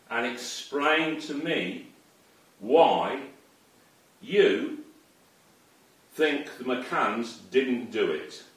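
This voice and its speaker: Man, angry profane rant to camera, slow delivery, very echoey room, distant mic. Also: medium pitch, a bit bright. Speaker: online commentator.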